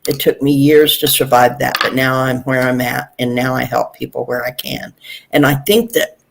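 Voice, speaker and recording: A woman's voice: extremely low pitch, flat delivery, normal speed, gravelly, noisy background. A woman hosting a chat show who reads viewer comments aloud. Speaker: host. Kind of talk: casual chat, reading out comments.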